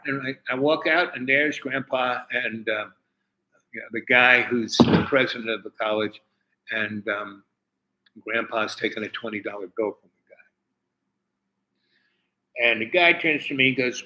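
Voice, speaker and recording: A man's voice: mid-range voice, normal speed, bright, forceful tone, poor audio. A man telling a rambling, profane story in a casual chat to his viewers as host. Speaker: livestream host.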